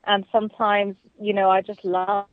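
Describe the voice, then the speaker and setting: A woman's voice: medium pitch, level tone, moderate pace, dry recording. A woman co-hosting a radio show, chatting casually and laughing easily. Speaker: radio co-host. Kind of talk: casual chat. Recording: tinny phone line.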